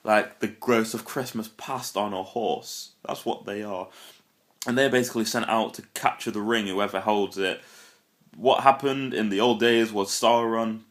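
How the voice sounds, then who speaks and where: A young man giving a casual, rambling film review, animated and full of swearing. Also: lowish voice, moderate pace. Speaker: vlogger reviewing films.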